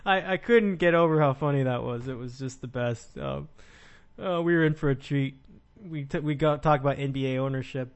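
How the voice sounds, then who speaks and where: A man's voice: mid-range voice, a little fast. A man hosting a casual sports podcast, talking in a rambling way with frequent restarts. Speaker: podcast host.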